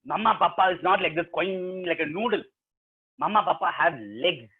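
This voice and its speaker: An Indian man voicing a small, playful young male monkey in a high, squeaky childlike voice. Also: normal speed, breathy edge. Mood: fussy. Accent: Indian English. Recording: tinny video call audio.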